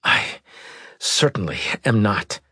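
A bedridden old admiral, gruff and stubborn, talking in a hoarse, breathy whisper, as a male narrator acts him out. The voice is deep, husky and close, with lively rises when he pushes back. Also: takes it slowly, no echo, full character voice. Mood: indignant.

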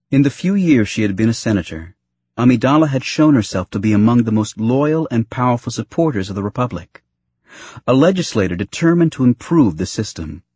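Husky-voiced man narrating a novel. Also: fairly low pitch, a little mellow, no room sound. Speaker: audiobook narrator. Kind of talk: scripted narration.

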